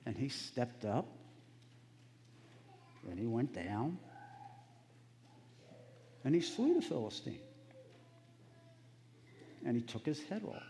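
A man giving a sermon in a relaxed, conversational storytelling manner. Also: mid-range voice, takes it slowly, long pauses, long reverb tail, a little hiss or hum. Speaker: preacher.

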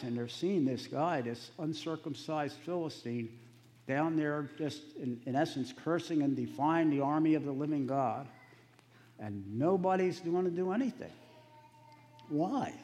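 A man giving a sermon in a relaxed, conversational storytelling manner. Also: mid-range voice, big-room sound. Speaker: preacher.

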